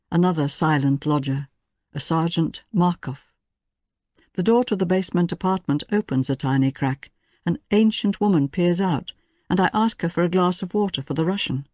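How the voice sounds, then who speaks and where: A woman narrating a first-person memoir in a measured, quiet audiobook reading. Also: on the low side, dry recording, studio quality.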